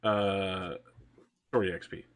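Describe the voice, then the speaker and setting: A man's voice: low voice, steady tone, slow, crowd noise. A man acting as dungeon master, casually wrapping up a tabletop game session with his players.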